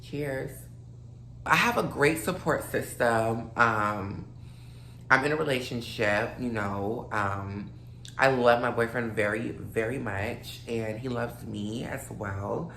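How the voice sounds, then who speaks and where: A woman's voice: a bass voice, slow, gravelly, a bit bright, echoey room, a little hiss or hum. Tipsy rambling woman in her late twenties. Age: late 20s. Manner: loose, rambling, many fillers, addresses viewers as y'all. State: a little tipsy, slightly slurred. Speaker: vlogger. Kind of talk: casual rambling monologue to camera.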